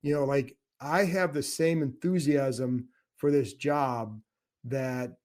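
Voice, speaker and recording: A man's voice: mid-range voice, fairly even intonation, slow, a little mellow. A man in his fifties from Cleveland, hosting a casual podcast chat, rambling and emotional, with many restarts and self-deprecating jokes. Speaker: host, team beat reporter.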